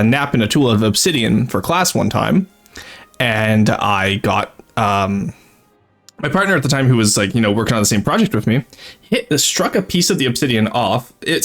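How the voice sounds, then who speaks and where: Young male streamer, rambling casual game chatter, animated delivery. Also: mid-range voice. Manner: chatty, rambling, laughs often, talks to chat. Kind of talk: casual gameplay commentary.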